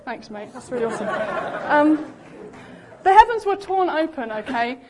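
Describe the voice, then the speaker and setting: Lively woman preaching a sermon. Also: high voice, moderate pace, a crowd in the background, background noise. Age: young adult. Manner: lively, animated, acts out quoted voices.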